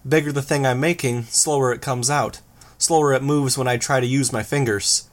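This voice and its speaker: A man voicing a steady young male team leader in armor, brisk and matter-of-fact. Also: medium pitch, natural voice. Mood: firm.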